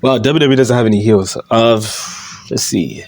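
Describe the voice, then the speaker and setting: A man's voice: medium pitch, normal speed, a little mellow. A young man ranting casually about wrestling in a profane, heated, mocking way. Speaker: vlogger. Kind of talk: casual rant.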